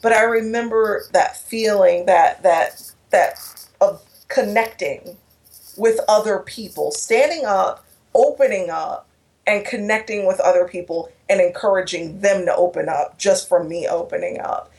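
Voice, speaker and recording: A woman's voice: medium pitch, unhurried, darkish tone. A woman telling an emotional personal story in an interview, earnest, with restarts and quoted dialogue. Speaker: guest speaker.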